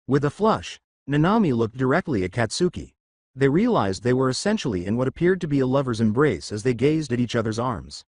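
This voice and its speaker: A man narrating a fan fiction story with an expressive reading. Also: mid-range voice, a little fast, no echo, studio quality.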